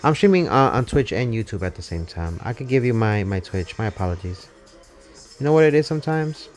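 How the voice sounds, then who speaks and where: Excitable swearing man streaming a game. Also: lowish voice, a little fast. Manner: excitable, swearing, rambling, self-mocking. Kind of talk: casual live gameplay commentary. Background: faint game music.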